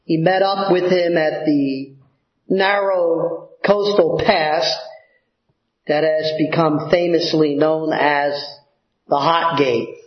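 A man delivers a sermon in a fairly high voice, taking his time with long pauses and filler words. His words ring through an echoey room, and the recording sounds dull and lo-fi. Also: steady tone. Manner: slow, deliberate teaching with pauses and fillers. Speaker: pastor.

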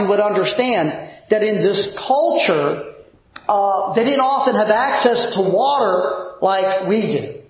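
A man preaching a sermon to his congregation from the pulpit, asking the room rhetorical questions. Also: high voice. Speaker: pastor. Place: church sanctuary. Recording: echoey, dull church recording.

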